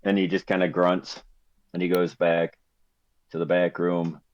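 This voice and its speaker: A man narrating as game master, unhurried and full of fillers and restarts as he describes the scene. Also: low-pitched, flat delivery. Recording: slightly dull lo-fi audio.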